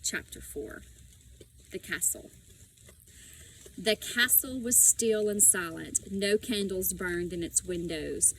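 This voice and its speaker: A woman reading a children's storybook aloud in a slow, expressive way. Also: mid-range voice, slight background noise, low-quality recording. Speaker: audiobook reader.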